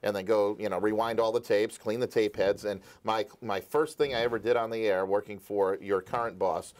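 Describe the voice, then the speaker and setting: A man's voice: fairly low pitch, steady tone, moderate pace, darkish tone. A man in his forties from Rhode Island, a radio station owner, telling his story eagerly in a casual interview with many restarts.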